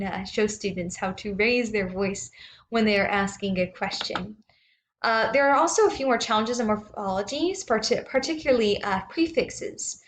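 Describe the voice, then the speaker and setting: Woman talking through slides, lots of ums and uhs, faint hiss behind her. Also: medium pitch. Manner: hesitant, many ums and uhs. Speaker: presenter. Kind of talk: slide presentation lecture.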